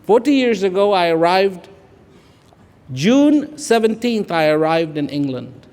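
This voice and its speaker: A man in his fifties from India, speaking, gives an inspirational speech to an audience. He repeats phrases for emphasis and swings between hushed and loud. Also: high voice, expressive, unhurried. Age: 50s. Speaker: public speaker. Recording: echoey large hall.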